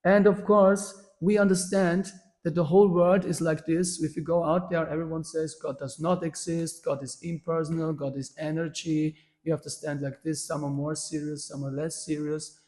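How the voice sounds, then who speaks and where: His voice sits on the high side as he moves at a moderate clip through a devotional story for a workshop audience. A native German speaker, he talks animatedly, often restarting and filling pauses.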